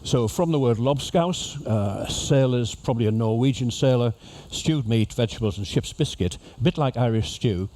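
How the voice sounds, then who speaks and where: A man's voice: mid-range voice, moderate pace, hardly any pauses, mellow. A man giving a humorous, chatty talk to cruise passengers as an after-dinner speaker. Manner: jokey, chatty storyteller addressing an audience. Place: ship lecture venue.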